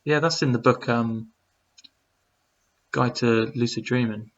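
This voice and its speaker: A man's voice: mid-range voice, fairly even intonation, slow pace, muffled recording. A man who speaks, casually answering viewer questions on a live stream, rambling with lots of fillers as he reads the chat.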